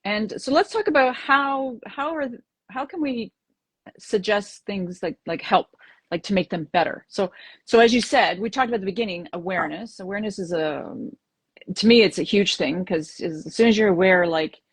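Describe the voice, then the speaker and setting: Husky low-voiced woman interviewer, dry sound. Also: normal speed, dry recording. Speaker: host and divorce coach. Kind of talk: conversational interview.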